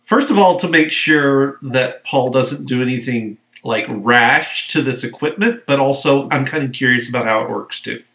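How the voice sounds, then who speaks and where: A man's voice: medium pitch, moderate pace, vocal fry, hardly any pauses, a bit bright, echoey room, highs cut off. A man playing a tabletop game, thoughtful and wordy in casual talk. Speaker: player. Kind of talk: casual tabletop role-play.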